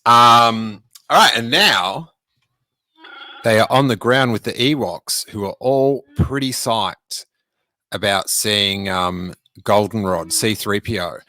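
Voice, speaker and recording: A podcast host reading a children's book aloud, jokey and animated, breaking in to do character voices and make asides. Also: male voice, on the low side, slow pace. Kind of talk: casual read-aloud with commentary.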